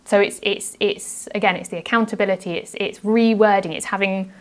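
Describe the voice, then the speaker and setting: A woman's voice: medium pitch, steady tone, brisk. A woman being interviewed on a podcast, talking earnestly and reflectively about handling conflict, often acting out example phrases. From United Kingdom. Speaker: podcast guest. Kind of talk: casual interview chat.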